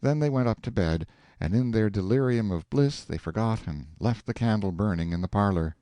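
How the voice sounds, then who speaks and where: A man reading a classic short story aloud as an audiobook narrator, in measured storytelling. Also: fairly low pitch, mellow, no room sound. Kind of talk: scripted narration.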